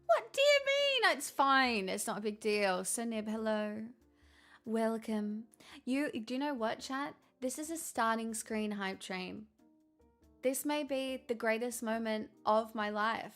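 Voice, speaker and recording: A woman's voice: a little high, steady tone, unhurried, faint music behind. Woman streamer in a put-on Irish accent. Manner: rambling, joking, swearing. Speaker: live streamer. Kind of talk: casual live stream chat.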